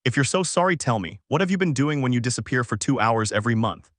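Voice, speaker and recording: A dignified elf woman pleading through tears, with the lines read aloud by a man in a steady, plain voice. The delivery stays even and unhurried, at a middling pitch. The recording is dry and close, with no room sound. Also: dry recording, close to an everyday voice. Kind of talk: storybook dialogue reading.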